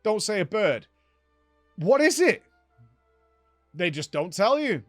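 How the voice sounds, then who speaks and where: Male streamer host, lively storyteller who acts out lines, fairly high voice, dry recording. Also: slow pace, no room sound, soft background music. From United Kingdom. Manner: animated storytelling, acts out exchanges with "I'm like". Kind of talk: casual gaming recap chat.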